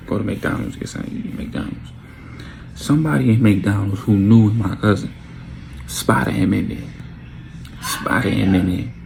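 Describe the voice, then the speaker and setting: A man's voice: fairly low pitch, creaky, a little hiss or hum. A young man telling a story in a casual vlog, acting out what people said and making sound effects. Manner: animated, acts out quotes with sound effects.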